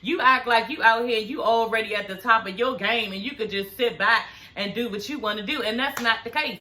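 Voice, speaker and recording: Sassy, bright-voiced woman in her forties. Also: a little high. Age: 40s. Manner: sassy, profane and animated, with frequent "honey" and "girl". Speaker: reality TV recap vlogger. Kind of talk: casual chat.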